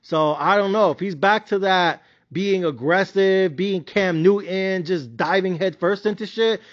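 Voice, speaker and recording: A man's voice: high voice, measured pace, muffled recording. A man giving a blunt, profane, slangy rant reviewing his sports bets. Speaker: sports betting commentator.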